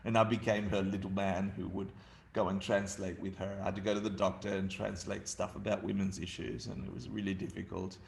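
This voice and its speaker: A man's voice: low voice, little pitch movement, a little fast, creaky. A man in his fifties from Argentina giving a humorous dharma talk, telling family stories with frequent laughter. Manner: laughing, storytelling, chatty. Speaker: dharma teacher.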